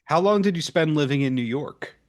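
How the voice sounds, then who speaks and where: A man hosting a podcast interview, asking long, measured questions in a conversational way. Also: a little high, animated. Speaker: podcast host.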